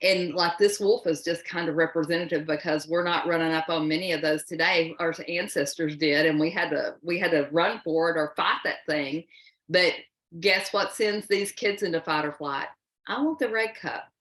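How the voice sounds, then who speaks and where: A woman with a low voice gives a folksy, conversational workshop talk in an echoey room. She leans into her points with emphasis. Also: fairly even intonation, moderate pace, a bit bright. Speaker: parenting workshop presenter.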